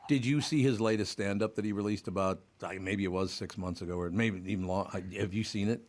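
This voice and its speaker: Older Minnesotan male host, low voice, gruff casual banter. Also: steady tone, fast, darkish tone. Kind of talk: casual chat.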